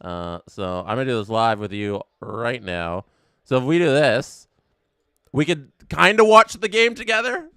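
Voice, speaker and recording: A chatty young streamer hosts a casual watch-along, calling the match live and reading his viewers' chat aloud. His mid-range voice is smooth and a little slow, recorded dry with clean studio sound, and he breaks into excited bursts on big plays.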